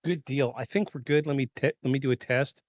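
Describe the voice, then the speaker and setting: Guy hosting a podcast, rambles with lots of ums, keeps clearing his throat, mid voice, dry close mic. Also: mid-range voice, a little fast, no echo. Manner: rambling, many fillers, self-correcting. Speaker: podcast host. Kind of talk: casual live podcast chat. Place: home setup in the eastern US.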